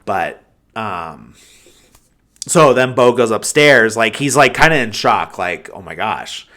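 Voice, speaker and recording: A man hosting a podcast, recapping a film in a rambling, casual way, full of fillers and quick chuckles. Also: medium pitch. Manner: rambling, heavy use of "like" and fillers; animated retelling of scenes, chuckling. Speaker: podcast host. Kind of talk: casual film review chat.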